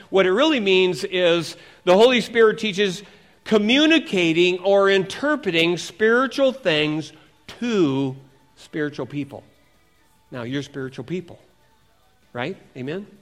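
Male pastor with a high voice, animated sermon, faint music underneath. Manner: animated, asks the congregation questions.

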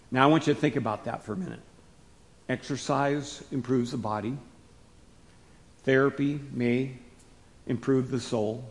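A man preaching a sermon as pastor, stressing key words loudly, then dropping to soft asides. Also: mid-range voice, fairly even intonation, normal speed. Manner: emphatic, swings between loud stresses and soft asides. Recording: long hall reverb.

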